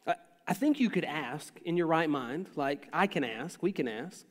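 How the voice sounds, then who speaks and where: A man with a drawl preaches in a high voice, talking his sermon through like a conversation and acting out the lines he quotes. The sound is a church sanctuary with a long reverb trailing each phrase. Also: animated, normal speed. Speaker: pastor.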